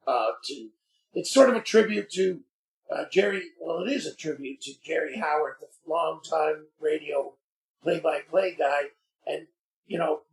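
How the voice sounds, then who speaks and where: A man with a high voice and a heavy gravelly rasp tells a story on a casual podcast. He sounds animated and exasperated, and he acts out the back-and-forth in the voices of the people he quotes. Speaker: podcast guest.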